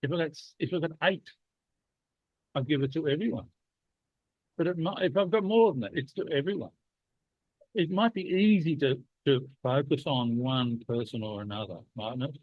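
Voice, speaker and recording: Speaking at normal speed with long pauses, a slightly high-voiced man with a cold hosts a leadership program's casual podcast discussion, chatty and teasing in a playful way. The sound is dry and tinny, like a phone call.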